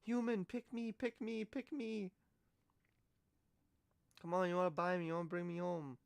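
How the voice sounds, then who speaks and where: A woman's voice: fairly low pitch, fairly even intonation, moderate pace, gravelly, a little mellow, no echo, pitched above the performer's own voice. A woman voicing a bossy, eager little house cat in a playful, slightly raised voice during a live stream.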